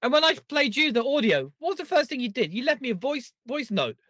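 A man co-hosting a podcast in casual chat, animated, jokey and self-mocking. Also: very high-pitched, fast talker, no room sound, studio quality. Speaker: podcast co-host.

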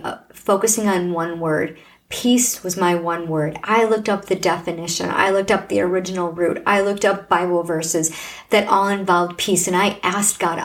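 Earnest middle-aged woman sharing her testimony. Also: on the low side. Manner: earnest, heartfelt, preaching. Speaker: podcast host. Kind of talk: personal faith testimony.

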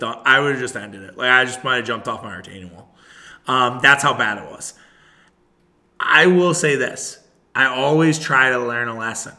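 A man in his thirties hosting a podcast alone, ranting casually and profanely straight to his listeners. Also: medium pitch. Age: 30s. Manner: profane, animated, talks to listeners directly. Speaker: podcast host. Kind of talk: casual solo podcast rant.

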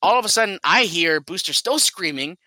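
A man telling a story among friends in casual chat, animated and swearing a lot. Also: sits high, fairly quick, no room sound.

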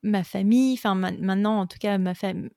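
A French woman in her thirties with a French accent hosts a casual podcast chat, switching between French and English, chatty and quick to laugh. Her voice is medium-pitched, mellow, and creaky.

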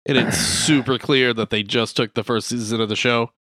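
Male podcast host, bright, lively, profane storyteller, dry close sound. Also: mid-range voice, moderate pace, no echo. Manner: animated, swears, acts out quotes in exaggerated voices. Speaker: podcast host recapping a movie. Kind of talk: casual chat.

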